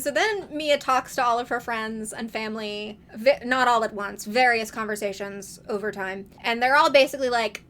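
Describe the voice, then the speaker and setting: A young adult woman casually recapping a book series, animated and laughing often as she acts out dialogue. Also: a little high, normal speed, few pauses.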